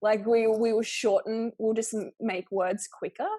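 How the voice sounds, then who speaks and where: A young Australian woman hosting a podcast, who talks quickly and chattily in a casual conversation, with lots of "like". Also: a little high, fairly even intonation, mellow, slightly rough, no room sound. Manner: fast-talking, chatty, full of "like". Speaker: podcast host.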